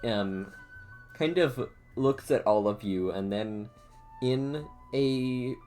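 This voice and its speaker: Slow, halting male game master. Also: mid-range voice, darkish tone, faint music behind. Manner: halting, full of fillers and laughs. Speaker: dungeon master. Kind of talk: narrating a tabletop game.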